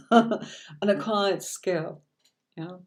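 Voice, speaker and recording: A British-accented woman who teaches tarot chats with viewers on a live stream, full of ums and restarts. Her mid-range voice moves extremely slowly.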